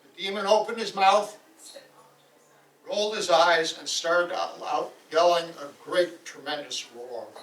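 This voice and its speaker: A man telling a saga aloud to a live audience in a lively, animated way. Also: a little high, measured pace. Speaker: storyteller. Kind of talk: live oral storytelling of a saga. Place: event hall. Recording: roomy hall, voice from far off.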